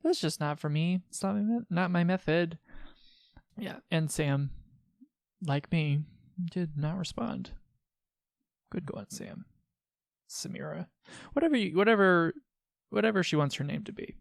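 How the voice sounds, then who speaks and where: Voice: mid-range voice, measured pace, gravelly, long pauses, no echo, clean studio sound. A let's play host giving casual commentary, chatty, with frequent laughs and sarcastic asides.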